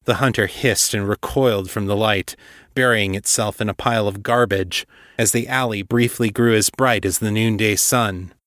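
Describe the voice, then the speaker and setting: Low-voiced man narrating a dark fantasy tale. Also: steady tone, normal speed, no room sound, clean studio sound. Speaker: podcast host and narrator.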